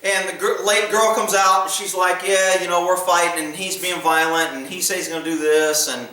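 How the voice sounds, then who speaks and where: A man's voice: high-pitched, fairly even intonation, moderate pace, bright, forceful tone, heavy reverb, far from the mic, poor audio. A man telling stories from his time as a military police officer in a blunt, casual way, laughing often. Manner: blunt, laughing, acts out voices in quotes. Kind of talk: casual storytelling.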